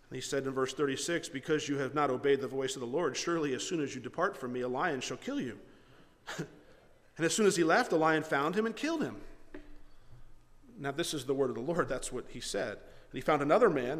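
Man, pastor, lively sermon, acts out lines, slightly high voice, long reverb. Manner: animated, acts out characters' lines in paraphrase. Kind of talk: sermon with scripture reading.

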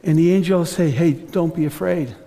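A man preaching a sermon as pastor, earnest, slowing and softening on reflective passages. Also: on the high side, vocal fry, long reverb tail.

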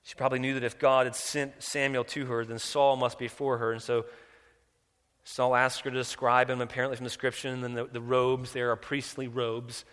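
A man preaching a sermon. He drops low and quiet, then climbs loud and high for emphasis, often repeating words as he restarts. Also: flat delivery, a little fast, smooth. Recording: long reverb, large hall.

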